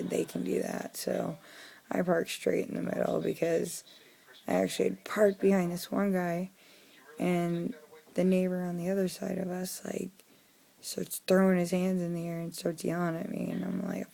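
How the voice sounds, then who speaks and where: A young woman vlogging casually, venting in an irritable, profane way with lots of fillers, sounding low and weary. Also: gravelly, warm tone. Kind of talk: casual personal vlog.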